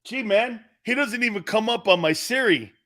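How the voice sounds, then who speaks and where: Middle-aged male sports talk host, brash and bright, ranting casually. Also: high-pitched, moderate pace. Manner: loud, animated, bantering rants.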